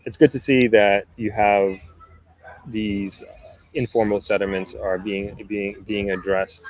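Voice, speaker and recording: Guy on a live stream by the beach reading news out loud, low voice, pretty flat, chats to viewers in between. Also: rough recording. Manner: reads articles aloud, breaks off for chatty asides. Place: outdoors near a beach in Jamaica.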